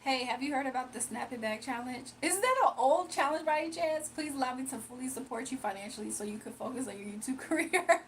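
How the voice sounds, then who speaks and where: A woman's voice: high voice, quick pace, few pauses, a little hiss or hum, rough recording. A young woman hosting a casual livestream, chatting playfully with viewers, reading comments aloud and laughing often. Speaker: livestream host.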